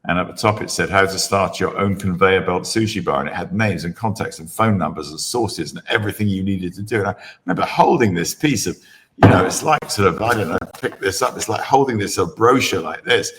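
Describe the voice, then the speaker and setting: An older man, a podcast guest, telling a long rambling story in a relaxed, self-deprecating way. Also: low-pitched, brisk.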